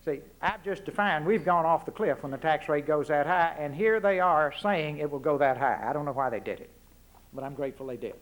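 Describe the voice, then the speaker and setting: High-pitched Texan man, folksy speech. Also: a little fast. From Texas. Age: 60s. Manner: folksy, punchy, fires rhetorical questions. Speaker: public speaker. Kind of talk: public political address. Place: university lecture hall.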